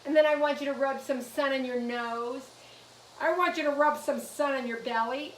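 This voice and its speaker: A woman teaching a yoga class to young children, gentle and playful, coaxing them through poses. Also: high voice, steady tone, moderate pace. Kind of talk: guided kids' yoga lesson. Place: room in a nursery school. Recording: echoey room, mic at a distance.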